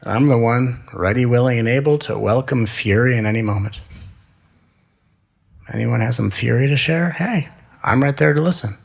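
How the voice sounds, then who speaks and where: A man giving a spiritual talk, gentle and soothing, with slow repeated phrases. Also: medium pitch, vocal fry. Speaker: spiritual teacher.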